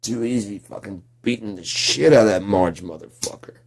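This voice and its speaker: A man ranting at home in a vlog, swearing constantly and yelling in bursts. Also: fairly low pitch, moderate pace. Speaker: vlogger. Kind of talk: profane political rant.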